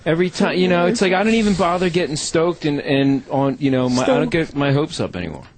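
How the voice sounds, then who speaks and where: A man's voice: on the high side, brisk, a crowd in the background. A man co-hosting a radio talk show, sounding exasperated and sarcastic. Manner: exasperated, sarcastic, calls people dude. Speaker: radio co-host.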